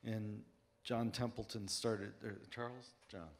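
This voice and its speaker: A man's voice: fairly low pitch, fairly even intonation, a little slow. A man speaking earnestly on a conference panel and telling personal anecdotes. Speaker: author and apologist on a panel. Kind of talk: panel discussion, storytelling.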